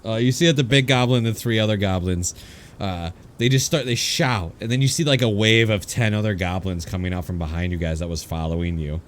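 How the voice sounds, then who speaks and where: A man's voice: lowish voice, a little hiss or hum. A man narrating a tabletop game as game master, casual and full of fillers. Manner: casual, filler-heavy narration with quick quoted voices.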